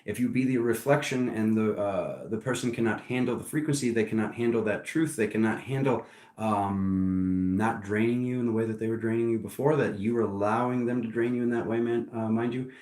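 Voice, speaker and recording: A man giving a casual, animated tarot reading, teasing and talking to himself as he turns the cards. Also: lowish voice, fairly quick, reverberant. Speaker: tarot reader.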